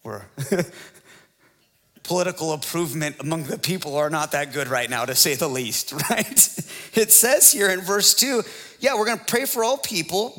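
A man's voice: a little high, pushed and bright, big-room sound. A man preaching a sermon as pastor, in a joking, conversational way with frequent laughs.

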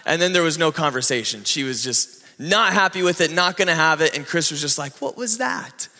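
A man's voice: on the high side, a little fast, pushed and bright, long reverb tail. A man preaching a sermon as a pastor, telling a story and acting out what people said. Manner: storytelling, acting out quoted dialogue.

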